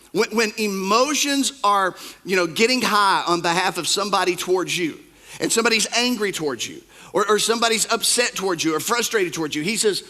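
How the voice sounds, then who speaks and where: A pastor preaching a sermon in church, stressing his points by repeating them and swinging from soft asides to loud outbursts. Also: high voice. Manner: emphatic, repeats key phrases.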